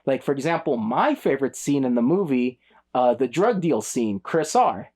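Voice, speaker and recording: Casual male podcast co-host, animated, breaks into silly character voices. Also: mid-range voice, normal speed. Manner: animated, acts out movie lines in funny voices. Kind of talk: casual film review chat.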